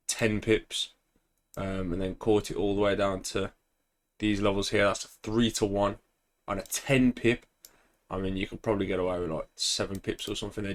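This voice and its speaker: Chatty man reviewing charts. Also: lowish voice. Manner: relaxed, chatty, self-congratulating, many ums and throat clearing. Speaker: forex trader. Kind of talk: casual screen-share market commentary.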